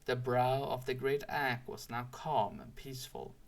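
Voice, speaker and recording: A man reading a storybook aloud in a slow, deliberate and expressive way. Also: mid-range voice, creaky. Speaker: audiobook reader. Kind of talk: storybook read-aloud narration.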